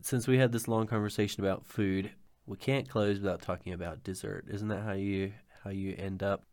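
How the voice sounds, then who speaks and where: A male podcast host with a fairly low voice jokes and teases his guest through a casual chat. His voice is recorded dry and close, with no room sound around it. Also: fairly even intonation, a little fast, darkish tone, dry recording. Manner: playful, teasing, laughs easily.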